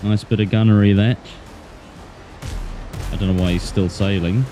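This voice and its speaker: A man's voice: on the low side, fairly even intonation, normal speed, dark tone, faint music behind. A man streaming a game with casual, playful, self-mocking chat in a put-on Australian accent. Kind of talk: casual gameplay commentary.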